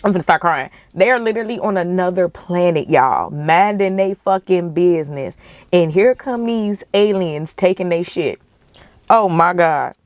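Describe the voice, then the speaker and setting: Low-voiced woman, casual slangy chat. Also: normal speed, no echo. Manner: animated, emotional, profane, slangy. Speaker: podcast host. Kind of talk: casual movie reaction chat.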